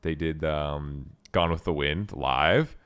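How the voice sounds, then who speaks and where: A man's voice: rumbling low, takes it slowly, a bit bright, clean tone, dry recording, clean studio sound. A young man chatting casually, rambling with many restarts and lots of swearing. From Canada. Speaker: podcast guest. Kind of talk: casual chat.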